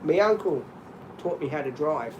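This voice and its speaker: A middle-aged Australian man rambling through animated stories in casual chat, often laughing. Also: fairly high pitch, moderate pace, lo-fi sound, a little hiss or hum.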